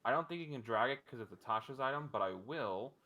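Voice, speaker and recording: Bright-voiced man running a tabletop game. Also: mid-range voice, expressive, quick pace, dull audio. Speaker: dungeon master.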